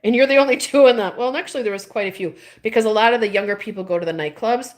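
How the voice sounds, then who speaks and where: A woman's voice: on the high side, racing. A middle-aged woman chatting casually, telling a rambling story full of restarts and laughing between phrases. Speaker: streamer chatting with viewers. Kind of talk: casual chat.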